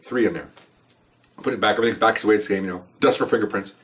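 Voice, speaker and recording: This older man, once a police officer, has a lowish voice and recounts anecdotes at a brisk, animated clip. Picked up by a distant mic, he often starts his sentences over and checks in with listeners by saying "okay?"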